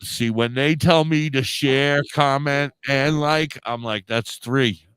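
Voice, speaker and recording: A man's voice: mid-range voice, slow, a bit bright, clean tone, no echo. A man hosting a casual radio podcast, joking loosely and greeting listeners by name. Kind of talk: casual stoner chat.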